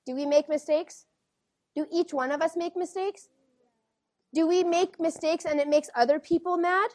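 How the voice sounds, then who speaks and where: A woman teacher reading a picture book aloud to children, gently asking them questions as she goes. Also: very high voice, fairly even intonation, moderate pace, dry recording, studio quality. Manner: gentle, questioning, keeps checking in with the kids.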